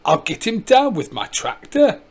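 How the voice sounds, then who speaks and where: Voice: mid-range voice, very animated, unhurried, voice pushed up. A storybook reader voicing an eager, clumsy young farmer with a hearty manner.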